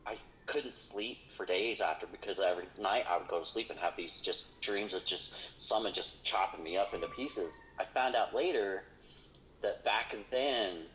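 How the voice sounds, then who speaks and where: A man who investigates hauntings, telling a long personal story in conversation, halting and full of fillers and restarts. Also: on the low side, fairly bright tone, a little hiss or hum, rough recording. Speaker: paranormal investigator.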